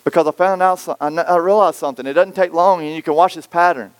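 A man preaching a sermon, telling stories and acting out quoted voices with lively swings. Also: on the high side, fast talker, clean tone, no room sound. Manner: storytelling, animated, acts out quoted voices. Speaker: pastor.

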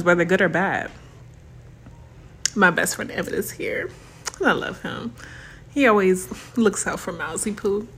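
A young adult woman hosting a casual solo podcast, chatty and animated, laughing often and calling her listeners baby and y'all. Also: medium pitch, a little hiss or hum. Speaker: podcast host.

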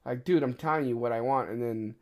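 A middle-aged man hosting a podcast, telling stories in casual chat, swearing often and getting animated. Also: medium pitch, a little fast. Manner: profane, animated storyteller. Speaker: podcast host.

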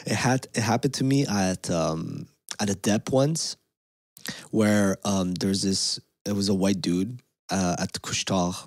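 A man, co-hosting a podcast and telling animated, profane stories in casual chat. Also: low-pitched, unhurried, dry recording. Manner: animated, swears a lot, acts out quotes. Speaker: podcast co-host.

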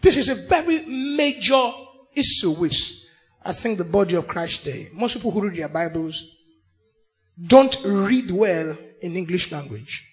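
Nigerian male pastor, very high voice, lively delivery; shouts points, then drops to quiet asides. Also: a little slow, soft background music. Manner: emphatic, swinging from shouts to hushed asides. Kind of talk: sermon. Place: church.

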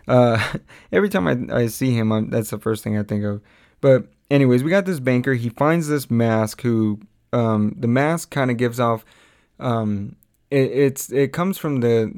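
A young man hosting a casual talk, his voice sitting at an ordinary middle pitch. He rambles with plenty of fillers and laughs between thoughts, jumping into playful quoted lines as he goes. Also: normal speed, a little mellow. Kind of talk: casual chat.

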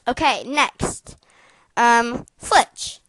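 A woman with a fairly high voice chats on a casual podcast, pausing on fillers as she rates things one by one. The sound is dry and close, with no room echo. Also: a bit bright. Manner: chatty, hesitant fillers, rating things aloud. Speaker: podcast co-host.

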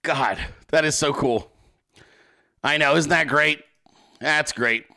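A male host giving excitable, profane political commentary, laughing often as he talks. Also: fairly high pitch, slow pace. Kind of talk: casual commentary.

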